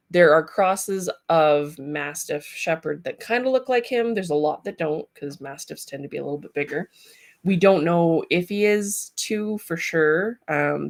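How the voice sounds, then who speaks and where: Chatty woman with a gravelly low voice. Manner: rambling, chatty, lots of ums. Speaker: streamer. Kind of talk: casual live stream chat. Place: home, with a large dog nearby.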